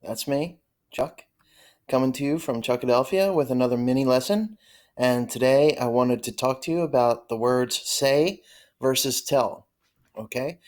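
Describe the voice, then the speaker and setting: A man teaching an online English grammar lesson, explaining slowly and often checking in with "okay?" and "right?". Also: mid-range voice, a little mellow.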